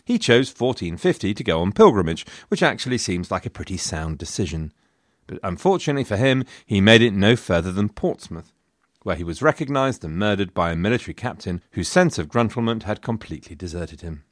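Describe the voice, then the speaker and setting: A man's voice: lowish voice, sing-song, fairly quick, dry recording, clean studio sound. Wry man narrating history. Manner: wry, conversational storytelling with asides. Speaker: history podcast host.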